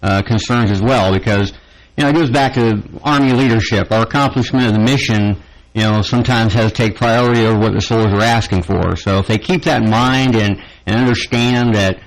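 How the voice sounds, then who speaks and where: A man's voice: lowish voice, a little fast, rough recording. A man in his forties, an army master sergeant, explaining things in a matter-of-fact way as a radio studio guest. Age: 40s. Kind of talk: interview answers.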